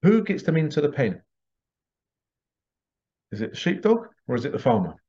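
A man's voice: a little high, big pitch swings, normal speed, mellow. Rambling man with a dull lo-fi sound. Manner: rambling, chuckling, acts out bits in funny voices. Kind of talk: casual monologue. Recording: slightly dull lo-fi audio.

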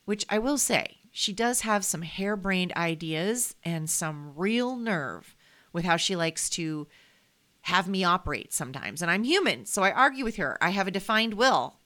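A woman's voice: fairly low pitch, expressive, normal speed, fairly bright tone. A woman hosting a podcast, talking in a casual, heartfelt way with lots of fillers. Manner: chatty and heartfelt, many fillers. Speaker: podcast host. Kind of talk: casual solo podcast monologue.

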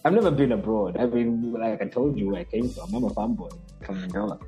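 Man, animated storyteller, mellow tone, faint music under it. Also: fairly low pitch, fast. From Zambia. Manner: animated storyteller, laughs often. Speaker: podcast guest, entrepreneur. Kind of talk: casual interview storytelling.

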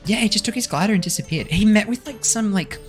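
A woman voicing a chatty, excitable young girl airbender in a tabletop game, rambling with lots of "like". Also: mid-range voice, quick pace, faint music behind, pitched above the performer's own voice, lightly acted.

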